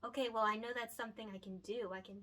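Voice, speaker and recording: A woman's voice: a little high, fairly even intonation, fast, sharp tone. A young woman who writes and illustrates picture books, talking casually and from the heart, often laughing and getting emotional. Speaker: picture book author and illustrator. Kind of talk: casual solo chat to camera.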